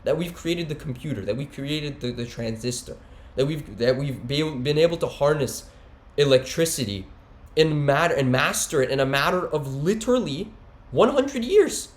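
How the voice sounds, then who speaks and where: A man's voice: a little high, lively intonation, moderate pace. A man giving a heated one-take monologue, rambling and slangy with many restarts. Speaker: commentator.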